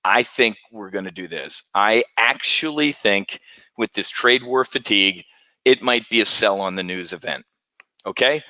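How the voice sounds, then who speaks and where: A man hosts a live trading webinar in a folksy, joking patter. His voice is bright and forceful. The sound is dry and a bit dull and lo-fi. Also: fairly low pitch, measured pace, dry recording. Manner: folksy, animated, jokey salesman patter.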